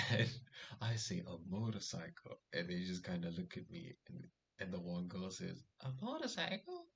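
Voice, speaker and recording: Young guy telling a story, lots of ums and restarts, bit of a low voice. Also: moderate pace, vocal fry, slight background noise, low-quality recording. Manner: rambling, many fillers and restarts; lively quoted dialogue in story. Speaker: vlogger giving social advice. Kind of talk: casual storytelling.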